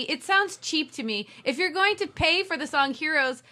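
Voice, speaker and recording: A woman's voice: high voice, lively intonation, moderate pace, bright, forceful tone. A woman co-hosting a podcast, chatting casually with wry, teasing remarks. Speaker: podcast co-host. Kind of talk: casual chat.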